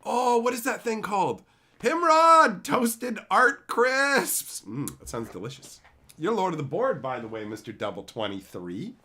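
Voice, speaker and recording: Here a man with a mid-range, slightly rough voice speaks in a sing-song way at a moderate pace. He's a livestream host reading chat aloud, ranting casually and sarcastically with plenty of swearing.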